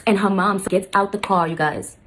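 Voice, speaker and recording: A woman's voice: mid-range voice, steady tone, moderate pace, a bit bright, a little hiss or hum. A stepmother recounting a family story to her viewers, rambling and often turning to address them directly. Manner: rambling, keeps addressing viewers as you guys. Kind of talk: fast emotional storytelling to camera.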